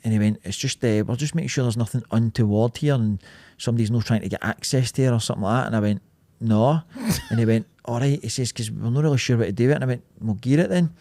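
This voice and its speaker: A man with a Scottish accent, a podcast co-host, telling a story in animated, sweary casual chat. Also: medium pitch, quick pace, no echo.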